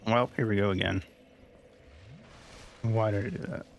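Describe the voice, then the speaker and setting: A man streaming a video game, taunting enemies with profane, slow-paced commentary. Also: lowish voice, fairly even intonation, gravelly, a little hiss or hum. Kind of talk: casual gaming commentary.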